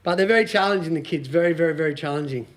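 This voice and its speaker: High-voiced joking Australian man. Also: rapid-fire. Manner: jokey, storytelling, laughs often. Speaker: motivational speaker. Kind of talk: live talk to a small audience.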